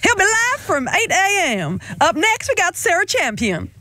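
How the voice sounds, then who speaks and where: A woman's voice: very high-pitched, wildly swooping pitch, moderate pace, sharp tone, voice pushed up, exaggerated voice. A woman putting on a Texan accent to sign off a studio radio show, with a drawling put-on voice. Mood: playful. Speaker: radio co-host.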